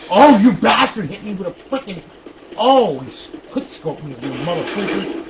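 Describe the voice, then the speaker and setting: A fairly high-voiced man talks through a gameplay demo in a loose, rambling way, dropping curses and yelling taunts at the other players. The recording carries a steady layer of background hiss. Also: moderate pace. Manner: rambling, profane, bursts into loud trash talk at opponents. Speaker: console modder demoing a modded console. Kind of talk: casual gameplay tutorial with commentary.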